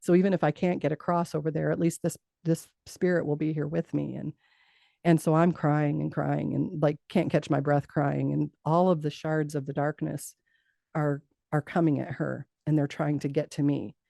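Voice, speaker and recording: A middle-aged woman telling a personal story in an interview, lively and acting out what others said, with frequent laughs. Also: low voice, moderate pace, vocal fry, no echo. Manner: animated storytelling, acts out quoted voices, laughs often. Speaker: guest.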